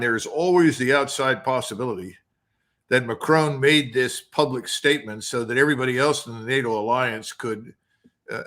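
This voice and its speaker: A retired colonel speaks as a guest in an interview with a bright, forceful voice. He gives his analysis bluntly and with emphasis, sounding sure of his views. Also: medium pitch. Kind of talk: interview commentary.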